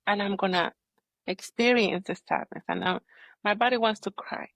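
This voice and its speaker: A woman's voice: medium pitch, moderate pace, vocal fry, fairly bright tone, dry recording. A woman talks through her personal story in a candid podcast conversation. She halts and searches for words, but stays earnest throughout. The sound is dry, with no room around her voice. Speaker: podcast guest, holistic healer.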